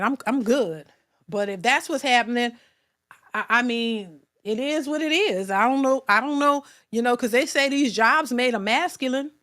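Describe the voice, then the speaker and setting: Bright-voiced woman ranting bluntly. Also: sits high. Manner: emphatic, repetitive, blunt and profane. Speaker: reaction channel host. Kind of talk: casual commentary rant.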